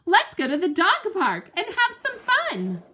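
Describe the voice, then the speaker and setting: A woman voicing an excitable, eager pet dog who yaps out every word in a storybook reading. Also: extremely high pitch, a little slow, voice pushed up, full character voice. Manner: yappy, bursting with eagerness.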